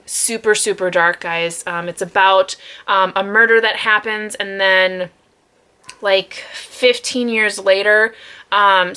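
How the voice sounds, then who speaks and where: Woman, book vlogger, casual rambling chat, frequent fillers, bright tone, at home. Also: mid-range voice. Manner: rambling, chatty storytelling with many fillers. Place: room at home.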